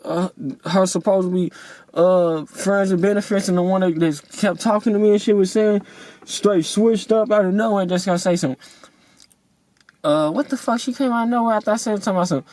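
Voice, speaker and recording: A man's voice: sits high, darkish tone, low-quality recording. A young man telling a story in a casual vlog rant, rambling and profane, with many fillers and heated outbursts. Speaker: vlogger.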